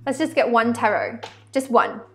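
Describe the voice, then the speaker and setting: Female card reader, high voice, excitable and rambling delivery, faint music underneath. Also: moderate pace. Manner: excitable, rambling, many "like" fillers. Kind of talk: chatty card reading to viewers.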